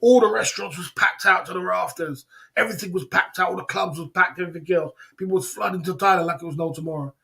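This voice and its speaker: Speaking directly to his livestream from indoors in Thailand, a male host delivers a motivational rant in a voice a bit higher than typical for a man. His delivery is fast, creaky, and sharp as he bluntly lectures, repeating his points again and again in street slang. Brief laughs break in between lines.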